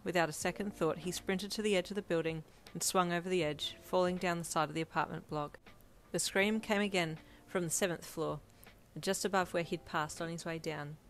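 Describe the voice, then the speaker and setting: Woman, fanfiction narrator, lowish voice, steady gentle storytelling, faint noise. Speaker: fanfiction reader. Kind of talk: scripted narration.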